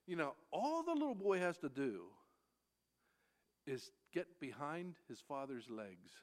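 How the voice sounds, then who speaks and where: A man preaching an expository sermon, reading scripture slowly and swinging between loud emphasis and hushed near-whispers. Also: a little high, very animated. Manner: reads verses in slow King James cadence.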